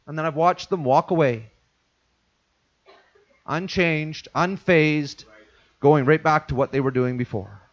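A man preaching a sermon as a pastor, who acts out the inner voices of his listeners and drops to a hush for them. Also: on the high side, measured pace, long pauses, highs cut off.

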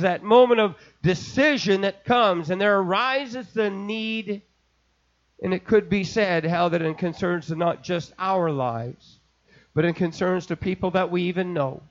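A man preaching an impassioned sermon, building from quiet storytelling to shouting. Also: high voice, lo-fi sound. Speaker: pastor.

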